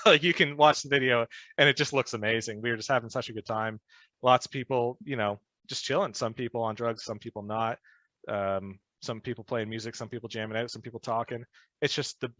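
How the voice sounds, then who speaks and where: Man, podcast guest, bright sharp tone, dry close sound, rambling, swears, laughs a lot. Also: medium pitch, no room sound, lo-fi sound. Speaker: podcast guest, former band musician. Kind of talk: casual storytelling chat.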